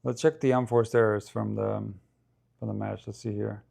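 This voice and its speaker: A man's voice: fairly low pitch, flat delivery, normal speed, vocal fry, a little mellow. A man giving casual live commentary on a match, thinking aloud and talking to his viewers.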